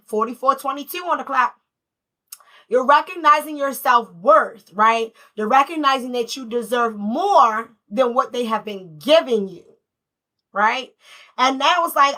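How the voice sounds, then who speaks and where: A woman doing a casual tarot reading while fighting a cold, blunt and profane, telling stories in a lively, streetwise way. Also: high voice, measured pace. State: has a cold. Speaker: tarot reader.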